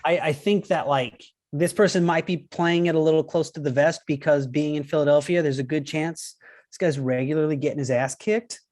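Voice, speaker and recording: A young man co-hosting a comedy podcast, laid-back and deadpan, often just agreeing. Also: fairly high pitch, fairly quick. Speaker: podcast co-host. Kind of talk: casual comedic banter.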